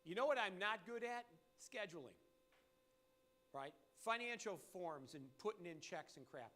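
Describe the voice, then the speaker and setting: A man giving a motivational sales training talk, animated and emphatic, repeating his key points. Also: high-pitched, normal speed.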